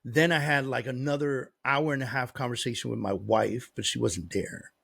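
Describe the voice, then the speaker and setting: Male podcast guest, gravelly voice, blunt cursing storyteller, talks like a coach. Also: mid-range voice, fairly even intonation, moderate pace, fairly bright tone. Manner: blunt and profane, sarcastic. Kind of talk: casual storytelling.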